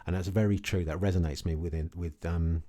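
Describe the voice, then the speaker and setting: A man's voice: low voice, steady tone, fairly quick, warm tone. A man ranting casually to camera about his investments, blunt and repetitive, often tagging his points with "okay". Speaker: crypto vlogger.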